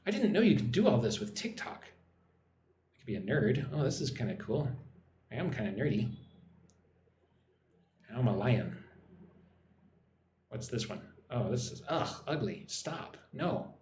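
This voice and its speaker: A chatty man talks playfully on a live stream, his pitch swinging up and down in amused exclamations. His voice rings in a roomy, echoey space with a faint hiss of noise behind it. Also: very animated, unhurried, long pauses, a little mellow. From Texas. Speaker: English teacher streaming live. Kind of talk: casual live stream chat.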